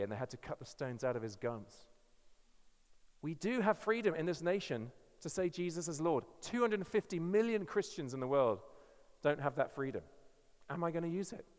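An English man preaching a sermon as a guest speaker, earnest and emphatic, often restarting his phrases. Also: on the high side. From England. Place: church. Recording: church hall with long reverb.

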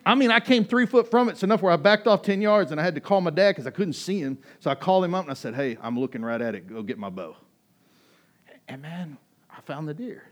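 A male pastor preaches a sermon as an animated, emphatic storyteller, speaking fast in a high-pitched voice that swings between hushed and loud.

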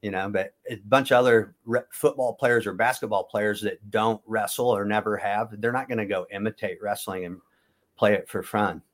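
A man's voice: on the low side, fairly even intonation, moderate pace. A man in his fifties from Kansas, a former wrestler telling long stories in a casual interview, often correcting himself as he goes. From Kansas, USA. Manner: rambling, self-correcting storyteller.

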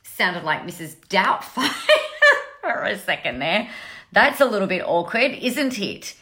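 Bright-voiced chatty woman. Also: mid-range voice, sing-song, a little slow. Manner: chatty, upbeat, self-interrupting. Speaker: online business coach. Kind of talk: casual live stream. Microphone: phone.

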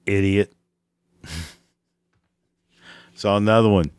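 Man, crude exasperated ranter, slow drawl, dry sound, cracking voice. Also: fairly low pitch, lively intonation, darkish tone, dry recording. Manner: crude, exasperated, laughs at his own jokes. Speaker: comedic ranter. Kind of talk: profane comedic rant.

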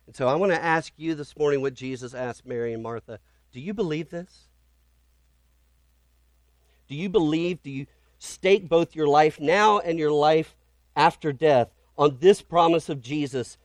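A male pastor delivering a sermon, his voice sitting a touch higher than most men's. He tells his story earnestly and builds dramatic emphasis. The sound is dry and close, with no room around it. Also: unhurried, no room sound.

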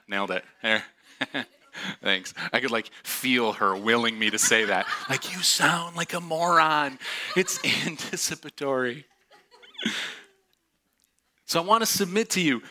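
A man preaching a sermon in church, telling a funny family story, animated and laughing often. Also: medium pitch. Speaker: pastor. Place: church auditorium.

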